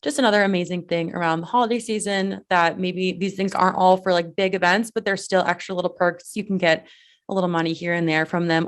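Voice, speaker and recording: A woman co-hosting a business podcast, giving tips in a loose, rambling way with many fillers. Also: on the low side. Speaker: podcast co-host. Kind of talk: casual chat.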